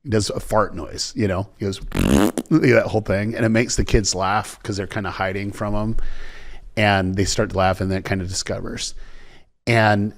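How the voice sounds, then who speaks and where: Animated man telling a story. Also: on the low side, normal speed. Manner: animated storyteller, acts out quoted voices, repeats words. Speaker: executive producer guest. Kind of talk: conversational storytelling interview.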